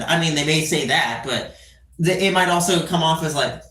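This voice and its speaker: A man's voice: fairly high pitch, a little fast, fairly bright tone, reverberant. A twenty-year-old man chatting casually on a live stream, rambling with crude joking asides and tagging "right?" onto his sentences. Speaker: livestreamer.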